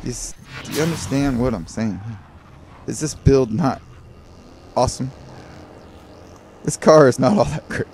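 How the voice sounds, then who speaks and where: A man's voice: mid-range voice, unhurried, long pauses, darkish tone, a little hiss or hum. A man giving rambling gameplay commentary, grumbling and drifting off topic while talking to his viewers. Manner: digressive, grumbling, talks to viewers. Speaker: gaming video creator.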